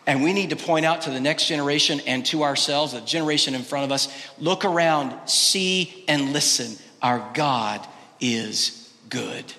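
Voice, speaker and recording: A male pastor preaching a sermon, swinging between loud, emphatic exclamations and quiet, hushed lines. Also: on the high side, normal speed, in a large hall. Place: church sanctuary.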